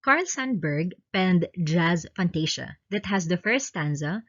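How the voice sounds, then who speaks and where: A woman with a Filipino accent reads exam review questions and explains each answer choice. Her voice sits low and a little husky, and her pitch rises and falls a lot as she teaches. The recording sounds dull and lo-fi. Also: lively intonation, a little slow, few pauses, a bit bright. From Philippines.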